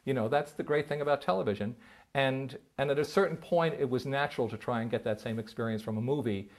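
A man's voice: medium pitch, fast. Man musing casually about directing. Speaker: writer-director. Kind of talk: documentary interview.

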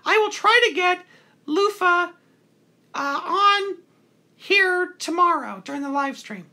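A man's voice: very high-pitched, lively intonation, takes it slowly, pushed and bright, heavily acted. A man voicing a cheery male toilet paper puppet who hosts a live call-in show with chatty, playful talk. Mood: cheerful. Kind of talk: live stream call-in chat.

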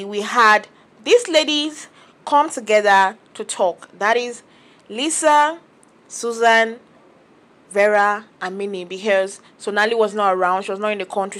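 Brief: young woman, reality TV reaction vlogger, chatty and opinionated, voice on the higher side. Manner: chatty, opinionated, animated quoting of cast members. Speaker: reality TV commentator. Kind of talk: casual reaction vlog.

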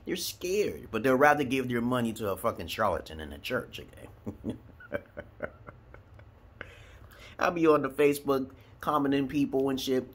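A man's voice: mid-range voice, very animated, normal speed, long pauses, fairly bright tone, slightly rough. A man from Brooklyn talking to camera in a profane, rambling monologue. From Brooklyn, New York, USA. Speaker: vlogger.

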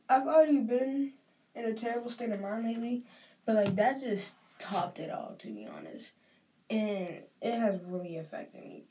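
A young Southern US woman chats while she gets ready, rambling and filling her talk with "like." Her voice is of middle pitch and comes from a little way off the mic, as if from a phone set up across the room. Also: dark tone, far from the mic. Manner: rambling and emotional, often says "like". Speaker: vlogger. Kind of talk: casual chat while getting ready.

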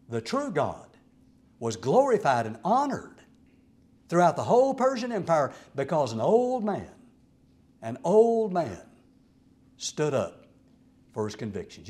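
A man preaching a sermon as an evangelist, telling the story with dramatic swings from loud exclamations to hushed asides. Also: on the high side.

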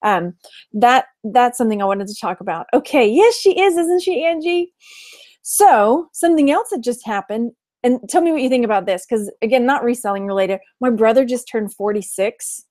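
A woman's voice: on the high side, expressive, brisk, darkish tone, no room sound. A woman in her forties, hosting a casual weekly livestream and chatting with viewers by name. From Texas. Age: 40s. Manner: chatty, greets viewers by name, frequent laughs. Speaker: livestream host.

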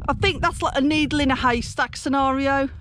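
A woman's voice: sits high, fairly even intonation, brisk, fairly bright tone, slight background noise. A woman from Dudley, chatting and joking while cycling outdoors on open moorland. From Dudley, England. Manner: jokey, chatty banter. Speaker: cycling club vlogger. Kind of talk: casual chat while cycling.

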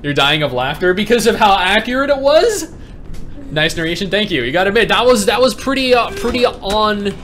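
A man streaming a game, chatting in an animated, joking way with frequent swearing. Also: a little high. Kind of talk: casual gaming stream chat.

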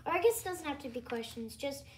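A woman's voice: sits high, expressive, quick pace, slight background noise. A woman playing teacher to her dolls, chatting and reading a children's story aloud in a casual, restarting way. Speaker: pretend teacher in doll play. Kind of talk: playful doll role-play, reading a story aloud.

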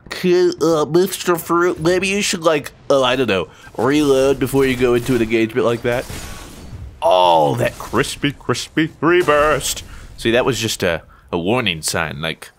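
A man's voice: mid-range voice, measured pace. An American man talks over a shooter game he is playing, swinging his voice up and down and breaking into yelps when a fight starts. He trash-talks opponents in a playful, joking way. There is faint background noise with clicks under his voice. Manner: excitable, yelps and exclaims during fights. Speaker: gaming YouTuber. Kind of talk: casual gameplay commentary.

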